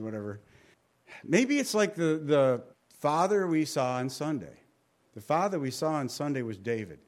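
A pastor teaching through scripture in a conversational sermon, repeating key phrases for emphasis and dropping to a quiet voice at the ends of phrases. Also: male voice, fairly high pitch, sing-song, normal speed.

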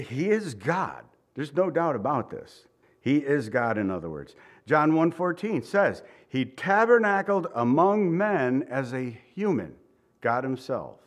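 Lively conversational male preacher. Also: medium pitch. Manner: conversational, chuckling, acts out quotes. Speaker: pastor. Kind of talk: sermon teaching.

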